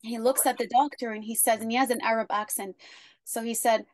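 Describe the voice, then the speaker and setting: A woman guest telling her story in an interview, earnest and measured. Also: on the high side, fairly even intonation, dry recording.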